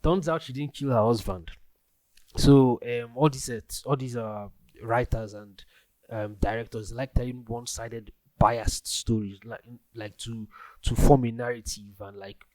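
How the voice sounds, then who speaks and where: A man's voice: mid-range voice, steady tone, a little slow, a little mellow, no echo. A young man with a Nigerian accent hosting a casual solo podcast, rambling through his thoughts with many restarts and filler words. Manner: rambling, loose, full of restarts and "like". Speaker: podcast host.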